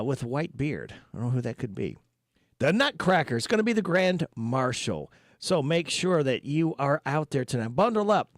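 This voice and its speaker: A man's voice: mid-range voice, no room sound, studio quality. A man hosting a local radio show, announcing community events in a folksy, rambling way with fillers. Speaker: radio host. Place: radio studio. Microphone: studio microphone.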